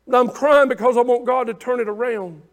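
A man with a very high voice preaching a fervent sermon. He moves from hushed, tender pleading to loud shouts, doubling back on words as the feeling builds. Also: fairly even intonation, fairly quick. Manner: impassioned preaching, swings from quiet to shouting; repeats words and restarts phrases. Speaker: pastor.

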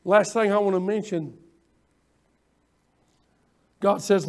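A middle-aged man delivers a sermon with a notably high-pitched voice. His preaching is folksy and conversational, circling back on his own phrases as he talks to the congregation like neighbors. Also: fairly even intonation, slow, long pauses, a little mellow. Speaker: pastor.

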